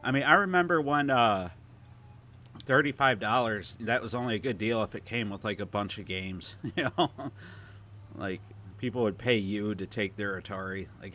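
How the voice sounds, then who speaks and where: A man's voice: fairly low pitch, normal speed, bright, forceful tone. A man with a Toledo, Ohio accent hosting a casual gameplay livestream, chatting loosely and reading viewer comments aloud. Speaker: livestream host.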